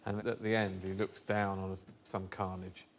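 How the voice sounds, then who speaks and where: Male panel-show regular with a low voice who delivers dry one-liners. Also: little pitch movement, a little hiss or hum. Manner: dry quick quips.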